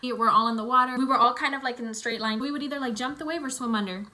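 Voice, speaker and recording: A young woman from Costa Rica telling an animated storytime on her own channel, acting out what others said. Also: racing. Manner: animated storyteller who acts out quotes in high shrieks. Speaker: YouTuber. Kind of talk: storytime vlog.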